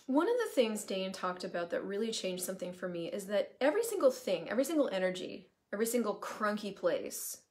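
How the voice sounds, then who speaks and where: A woman hosting a casual live stream, talking in an animated way with the odd swear word and drifting into asides, in the middle of her usual pitch range. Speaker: host, coaching facilitator.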